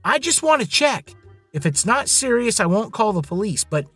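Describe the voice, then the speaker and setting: A man's voice: sits high, sing-song, normal speed, a bit bright, breathy edge, faint music behind, voice pushed up, full character voice. A man voicing a scheming, cocky rich young man who talks in a bossy, demanding way.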